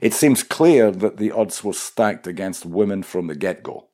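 A man's voice: lowish voice, animated, moderate pace, warm tone. A man interviewing a guest, asking questions in a conversational way.

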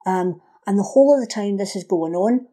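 A woman, explaining history in a casual podcast chat as a lively storyteller who acts out the voices she quotes. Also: medium pitch, brisk.

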